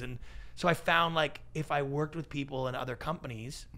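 A man speaking as a guest in a conversational podcast interview, an animated storyteller with a big, energetic personality who acts out what people said. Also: on the high side, moderate pace. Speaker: guest, pitch coach and TV producer.

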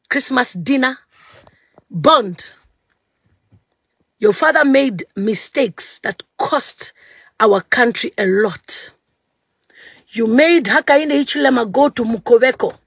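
A woman's voice: high voice, fairly bright tone, dry recording. A woman from Zambia delivering an angry political rant to camera, scolding and repeating mocking phrases. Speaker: vlogger.

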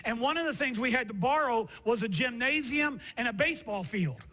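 A male pastor preaching a sermon, telling stories from his youth and building to emphatic, shouted passages. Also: very high voice, expressive, a little fast. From Miami area, United States.

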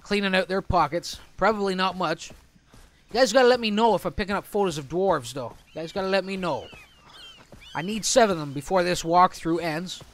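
High-voiced joking gameplay commentator man. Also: normal speed. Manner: chatty, joking, laughs often. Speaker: let's play host.

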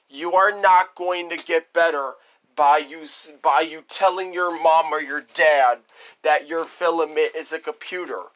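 Brief: high-pitched man, slow and scolding, repetitive lecturing tone. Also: fairly bright tone. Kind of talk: improvised cartoon monologue.

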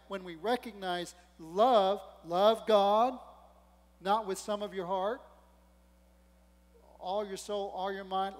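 A male pastor preaching a sermon with rising emphasis and playful humor, acting out the voices in the story. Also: sits high. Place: church sanctuary. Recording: long church-hall reverb.

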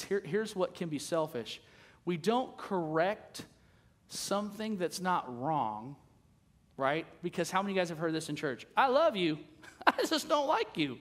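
Animated storytelling male pastor, fairly high voice. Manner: casual, animated storyteller acting out conversations. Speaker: senior pastor. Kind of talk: sermon with storytelling.

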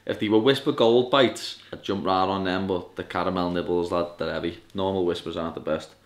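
A young man with a strong Scouse accent talks casually to his vlog camera in a low voice. He is loud and blunt, swears freely and drops "lad" into almost every sentence. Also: steady tone, a little fast. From Liverpool, England. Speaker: fighter vlogging.

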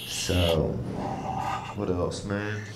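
A man's voice: deep voice, fairly even intonation, drawn-out words, background noise. A man doing a rambling, laid-back stand-up set on a club stage. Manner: rambling, drawling, laid-back, Southern slang. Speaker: stand-up comedian. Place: comedy club stage with live audience. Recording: roomy club with crowd laughter. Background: audience laughter.

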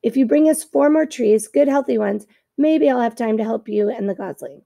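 A grumpy, stubborn beaver, as a woman reads him, curt and grumbling. The voice drops low and mellow, with a gravelly rasp. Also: moderate pace, no echo, clean studio sound.

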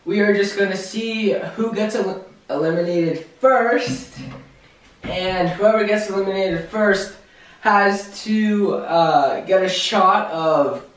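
A man vlogging in a casual chat, explaining things slowly with lots of fillers. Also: high-pitched. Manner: unhurried, filler-heavy explaining. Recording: echoey room, far from the mic.

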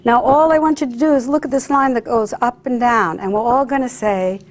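Before a live audience, a woman hypnotist runs a stage demonstration, coaxing volunteers with repeated sing-song phrases. Her voice is fairly high and brisk, with faint music in the background.

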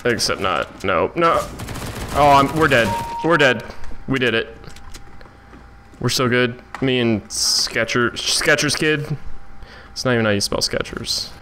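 Bright-voiced young man gaming. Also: medium pitch, a little slow, pauses often, slight background noise. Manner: excitable, swearing, self-mocking. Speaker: gamer. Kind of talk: let's play commentary.

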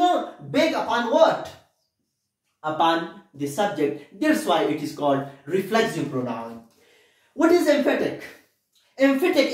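A male English lecturer with a Pakistani accent, giving a repetitive classroom grammar lecture and often checking that students understand. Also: high voice. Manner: repetitive, keeps asking "understand?"; switches into quick Urdu asides. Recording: very echoey room, voice far from mic.

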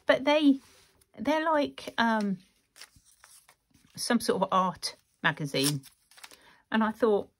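A woman's voice: medium pitch, breathy edge. A woman chatting casually through a craft tutorial, rambling and laughing often as she works. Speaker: craft vlogger.

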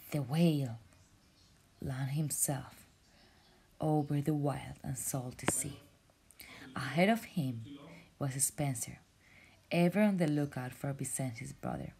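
Slow, husky woman reading a bedtime story. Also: low voice, darkish tone. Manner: slow, often whispered narration with asides to a child. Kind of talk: reading a children's story aloud.

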